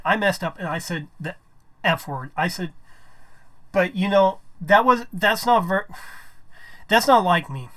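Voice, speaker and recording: Bright high-voiced man ranting. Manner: rambling, restarts often, swears when aggrieved. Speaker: vlogger. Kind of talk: personal storytime rant.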